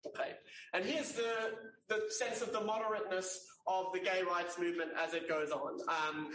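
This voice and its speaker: A man's voice: sits high, steady tone, normal speed, a bit bright, slight background noise. A man giving an informal slide talk to an audience, earnest and hesitant, with many fillers and restarts. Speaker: lecturer. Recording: echoey room, distant mic.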